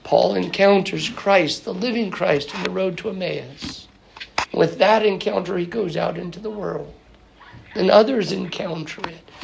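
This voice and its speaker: A man's voice: sits high, gravelly, background noise. A man giving an informal talk and answering questions, rambling and full of anecdotes. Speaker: guest speaker answering questions.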